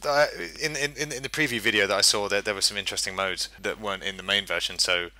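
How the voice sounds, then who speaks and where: A man's voice: on the low side, fairly even intonation, fast, pushed and bright. A man hosting a casual podcast chat, teasing and joking, often restarting his sentences. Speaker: podcast host.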